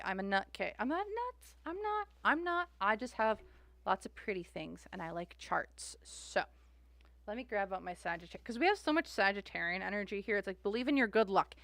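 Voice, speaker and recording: Woman, rambling livestream host, smooth clear tone, dry close sound. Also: medium pitch, fairly bright tone, no room sound. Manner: chatty, rambling, restarts words. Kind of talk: casual livestream chat.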